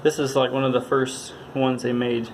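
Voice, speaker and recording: A man giving a casual hands-on tutorial, talking in a halting, mumbling way as he works, recorded on a phone. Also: mid-range voice, little pitch movement. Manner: mumbling, halting, thinking aloud. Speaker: tutorial presenter. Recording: faint background noise from phone recording.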